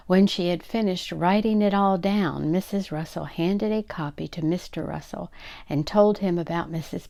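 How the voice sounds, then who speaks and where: An older woman reads a children's story aloud with expression, giving each character a voice of its own. Her voice is lowish, with vocal fry.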